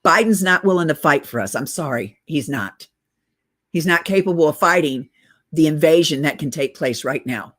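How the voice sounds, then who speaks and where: Middle-aged lady on oxygen, kinda breathless, ranting to her viewers, lower voice, calls everyone guys. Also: lively intonation, moderate pace, fairly bright tone. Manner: urgent, conspiratorial, addresses viewers as guys. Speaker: political video blogger. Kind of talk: casual direct-to-camera rant.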